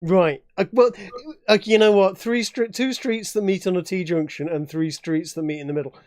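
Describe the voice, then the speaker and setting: A man's voice: high voice, normal speed, dry recording, studio quality. A man from England chatting as a player in a tabletop game, rambling with many restarts and fillers. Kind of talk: casual chat at a tabletop game.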